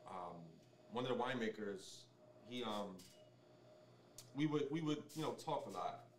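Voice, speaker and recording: A man speaking as a sommelier guest in a casual interview, explaining things in a relaxed way with many ums and restarts. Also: medium pitch, a little slow, reverberant, far from the mic, a little hiss or hum.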